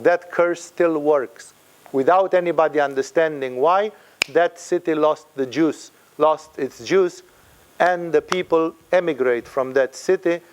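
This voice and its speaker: A man's voice: fairly high pitch, darkish tone, clean tone. A man giving a spiritual talk, emphatic and fond of acting out the people he quotes. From Romania. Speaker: spiritual teacher.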